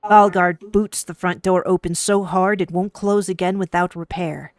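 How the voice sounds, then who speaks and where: A woman's voice: lowish voice, fairly even intonation, moderate pace, no room sound, clean studio sound. A woman reading out game narration and chatting playfully on a stream, referring to herself in the third person. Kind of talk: casual streaming chat and reading game text.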